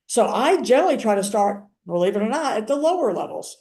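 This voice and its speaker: A woman's voice: a little high, sing-song, quick pace, darkish tone, roomy sound. An older woman giving a casual spoken training, chatty and acting out the conversations she describes. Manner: chatty, acts out quoted conversations. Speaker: activist and paralegal giving a training.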